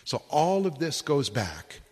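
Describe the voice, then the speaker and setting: Man, priest, sermon, slow reflective preaching, husky voice, echoing hall. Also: fairly high pitch, big pitch swings, darkish tone. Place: conference hall.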